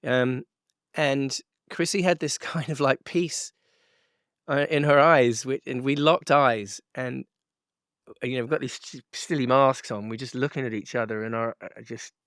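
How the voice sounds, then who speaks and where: A man's voice: medium pitch, measured pace, clear, resonant tone, dry recording. Dry-sounding middle-aged man telling a story. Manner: animated, laughing, full of fillers and restarts. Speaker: guest musician. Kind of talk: storytelling in a podcast interview.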